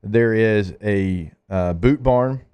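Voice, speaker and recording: A man co-hosting a sports radio show, chatting quickly and rattling off player stats. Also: lowish voice, darkish tone, clean tone, dull audio. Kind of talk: casual sports talk.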